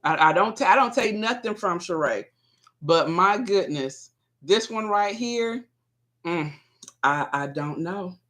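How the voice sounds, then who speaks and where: A woman's voice: on the low side, expressive, unhurried, a bit bright. A woman hosting her own vlog, chatting casually and rambling as she speaks directly to her viewers.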